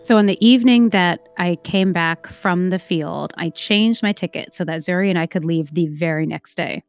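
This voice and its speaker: A woman's voice: on the low side, moderate pace, faint music behind. A woman telling a personal story in a reflective, conversational way, with frequent fillers. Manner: reflective, uses many fillers like "like" and "you know".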